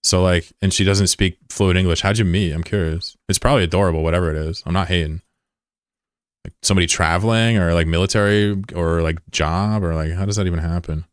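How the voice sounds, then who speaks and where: While gaming, a man with a low voice chats casually with his viewers, curious and rambling, peppered with fillers and swearing. His intonation is fairly even and his delivery brisk, in studio quality with no echo.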